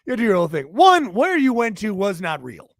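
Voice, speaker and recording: A man with a high, gravelly voice trades profane jabs with his co-host in casual podcast chatter. He scolds and mocks in turn. The mic is close and the sound is dry, with no room echo. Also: huge pitch swings, brisk. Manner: teasing, profane, mock-scolding.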